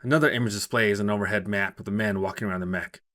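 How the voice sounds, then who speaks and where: A man narrating a short story in a steady, even storytelling manner. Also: fairly low pitch, racing. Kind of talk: scripted narration.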